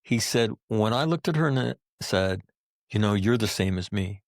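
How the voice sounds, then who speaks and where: Blunt, gravelly-voiced man. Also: lowish voice, expressive, moderate pace, no room sound, studio quality. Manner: blunt and profane, drives points home with repeated phrases. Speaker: guest, Marine combat veteran and author. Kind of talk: candid podcast interview storytelling.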